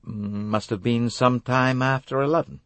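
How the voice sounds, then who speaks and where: A man voicing an older American businessman, folksy and halting, confiding in a mournful tone. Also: mid-range voice, fairly even intonation, no room sound, voice pushed up, lightly acted. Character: grieving older American businessman, smooth and evasive.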